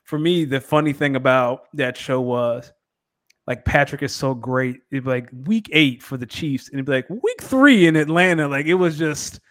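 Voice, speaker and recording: A man's voice: on the high side, animated, moderate pace, fairly bright tone, no room sound. Man, podcast co-host, laid-back, teasing, dry close recording, casual chat. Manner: laid-back, teasing, imitates people for laughs.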